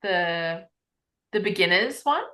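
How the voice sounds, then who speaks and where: A woman's voice: fairly low pitch, expressive, slow, pushed and bright. A woman hosting a podcast, chatting casually with a guest in a giggly, enthusiastic way. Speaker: podcast host.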